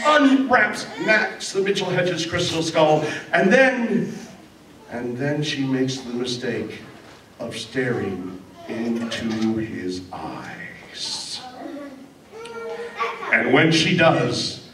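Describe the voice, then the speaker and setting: Playful man telling an animated story. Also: medium pitch, extremely slow, pauses often, crowd noise. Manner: playful, dramatic, with sound effects. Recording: roomy distant mic with background noise.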